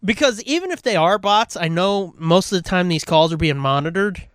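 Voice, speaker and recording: A man's voice: high voice, lively intonation, moderate pace, fairly bright tone, clear, resonant tone, dry recording, studio quality. A man hosting a podcast, telling stories in a profane, laughing casual chat. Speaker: podcast host.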